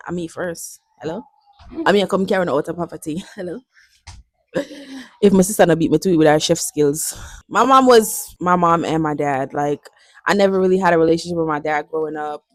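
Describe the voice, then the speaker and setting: In a studio-quality recording with no room sound, a twenty-something female vlogger with a Jamaican accent talks playfully to her audience and switches languages as she goes. Her pitch is on the low side.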